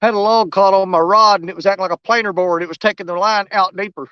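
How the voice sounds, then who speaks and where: A man's voice: high voice, fairly even intonation, quick pace, sharp tone, clear, resonant tone, dry recording. A man, chatting in a folksy, rambling way about fishing on a video call from a riverbank. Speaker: outdoors channel host. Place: outdoors at a riverbank at dusk. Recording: muffled, dry video-call audio.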